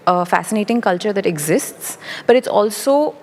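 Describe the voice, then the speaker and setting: A woman's voice: medium pitch, normal speed. A young woman, an actress, answering questions thoughtfully and articulately in an on-stage interview. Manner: articulate, thoughtful, lively with light laughs. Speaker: actress guest. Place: large indoor conference stage. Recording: reverberant event hall.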